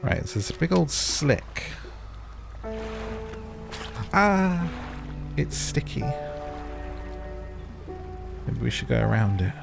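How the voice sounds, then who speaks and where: A man's voice: medium pitch, lively intonation, brisk, gravelly, hardly any pauses, music in the background. A man casually commenting on a game as he plays, chatting to his viewers and reacting with sudden startled outbursts. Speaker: gaming channel host. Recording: game sounds loud behind voice.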